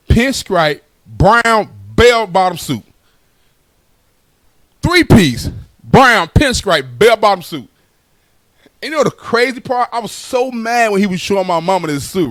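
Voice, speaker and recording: Brief: male stand-up comic, animated storyteller, higher voice, dry sound. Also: no echo. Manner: animated, repetitive asides. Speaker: comedian.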